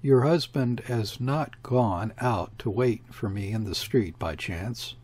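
A man voicing a thin, dark stranger in an audiobook, speaking slowly and painstakingly with a curt edge. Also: fairly low pitch, breathy edge. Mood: wary.

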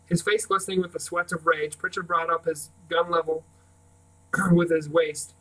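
A man reading a novel aloud with even, plain storytelling. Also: on the high side, normal speed, far from the mic, poor audio. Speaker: reader. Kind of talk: audiobook reading.

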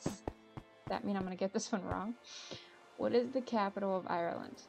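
Woman gamer host, casual self-mocking commentary, gravelly fry, game music underneath. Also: mid-range voice, fairly quick, darkish tone. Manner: chatty, self-mocking, thinks aloud while playing. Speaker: gaming channel host.

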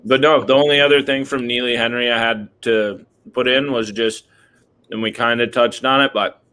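A man co-hosting a podcast, chatting loosely and rambling. His voice comes across bright and forceful, at an ordinary middle pitch. He leans on "like" and "dude" as he talks. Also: fairly even intonation, moderate pace, smooth. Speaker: podcast co-host. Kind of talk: casual fishing chat.

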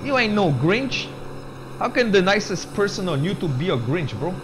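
A man's voice: sits high, sing-song, normal speed. A young man gaming on a live stream, chatting casually with viewers and dropping "man" and "bro" into every sentence. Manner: laid-back, says "man" and "bro" constantly, reads chat aloud. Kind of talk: casual live-stream chat while playing. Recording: game engine noise behind the voice.

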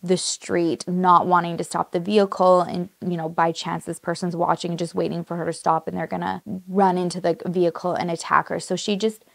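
A woman's voice: on the low side, level tone, a little fast, gravelly, hardly any pauses, no echo. A woman hosting a true crime show, telling the story in a casual, conversational way full of fillers. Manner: conversational, many "like" and "just" fillers.

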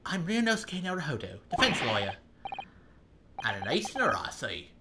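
A man's voice: fairly high pitch, wildly swooping pitch, normal speed, very noisy. A man reading a nervous young lawyer. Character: young male Japanese defense lawyer, nervous and polite. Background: game music.

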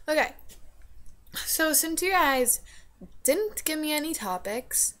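A woman's voice: high-pitched, animated, slow pace, pauses often, a bit bright. A teenage girl vlogging to her viewers in a mock-dramatic, sarcastic, teasing way. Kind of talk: casual vlog to viewers.

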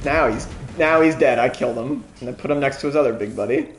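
A young man streaming a video game, chatting casually, swearing often and laughing as he reacts loudly to the action. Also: mid-range voice, quick pace. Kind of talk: casual gameplay commentary. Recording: echoey room with game music.

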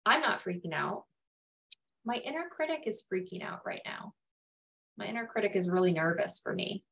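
A woman's voice: medium pitch, big pitch swings, moderate pace, creaky, a bit bright, poor audio. A woman career coach giving a webinar talk on self-talk, earnest, sometimes acting out anxious inner voices. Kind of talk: webinar presentation.

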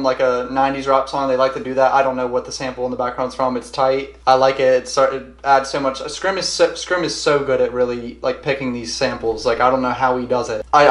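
A young man talks through an album track by track, rambling and repeating himself. He swears constantly in a casual, unscripted way. His voice sits at an ordinary pitch and carries a noticeable room echo. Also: a bit bright. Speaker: album reviewer. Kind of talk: casual music review monologue. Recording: roomy echo.

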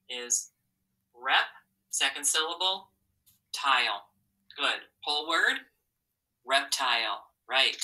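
A woman teaching a phonics lesson to children, patient and encouraging, asking questions and pausing for answers. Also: deep voice, bright, forceful tone, distant mic, poor audio.

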